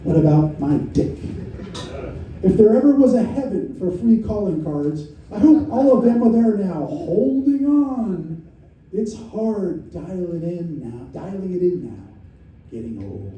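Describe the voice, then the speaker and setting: A middle-aged man with a New York accent reads his poetry aloud at a live variety show, in a wry, deadpan way with many repetitions. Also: high-pitched, a little slow, dull audio. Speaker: poet reading his work. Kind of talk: spoken-word poetry reading. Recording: very echoey room from far off, faint noise.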